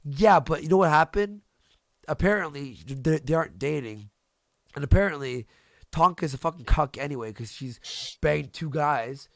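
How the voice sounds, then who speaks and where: A man's voice: fairly high pitch, normal speed, creaky, no echo, clean studio sound. A man, a streamer hosting the show, ranting in heated casual chat, profane and repeating himself. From Canada. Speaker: streamer host.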